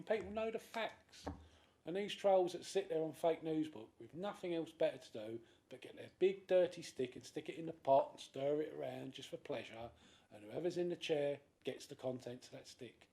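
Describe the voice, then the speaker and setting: A man, a councillor speaking in a committee debate, animated and acting out other people's voices. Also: on the high side, normal speed. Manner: animated, acts out quoted voices. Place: council chamber.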